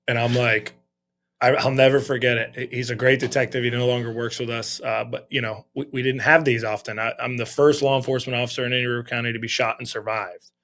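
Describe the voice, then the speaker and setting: A man's voice: mid-range voice, level tone, fairly quick, fairly bright tone. A middle-aged man, a sheriff's lieutenant, telling his story candidly in a casual interview and quoting his own thoughts as he goes. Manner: candid, retelling in quoted inner thoughts.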